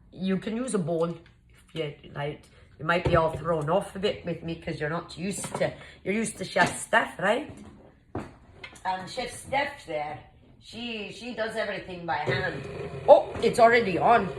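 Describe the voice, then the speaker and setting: A woman's voice: on the low side, noisy background, lightly acted. A woman playing a scatterbrained, cheerful female Mad Hatter who hosts an improvised comedy cooking demo, talking in a rambling, flustered way with a Scottish-tinged accent that drifts. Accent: Scottish-tinged, shifting. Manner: rambling, flustered, chatty, muddles measurements. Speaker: cooking show host in costume.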